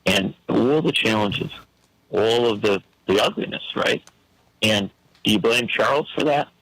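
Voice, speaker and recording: Gravelly man preaching political commentary. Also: lowish voice, animated, a little slow, a bit bright, no echo, rough recording. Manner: preacherly, emphatic, rhetorical questions.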